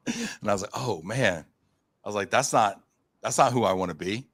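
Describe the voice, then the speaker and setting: A man in his thirties from the United States, telling a story as a podcast guest, animated and full of fillers, acting out his own quotes. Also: on the low side, normal speed, slightly rough. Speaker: podcast guest, company founder. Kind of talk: casual storytelling in an interview.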